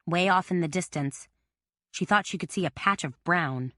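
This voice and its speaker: A woman narrating a mystery audiobook in a steady, tense storytelling manner. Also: lowish voice, moderate pace, no echo, studio quality. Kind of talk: scripted narration.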